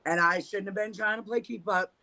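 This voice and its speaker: A woman guest with a bright, clear voice on a casual talk show. She tells her own stories candidly, laughing at herself and swearing now and then. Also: mid-range voice, fairly quick. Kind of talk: casual chat.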